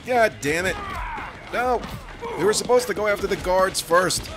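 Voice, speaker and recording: A man's voice: sits high, lively intonation, moderate pace. A man giving let's play commentary, profane and joking, talking back to the characters on screen. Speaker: gaming commentator. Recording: music playing behind.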